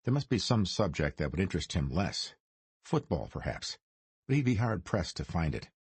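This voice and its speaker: A man narrating a crime noir audiobook in a measured storytelling manner. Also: sits low, very animated, husky, no echo.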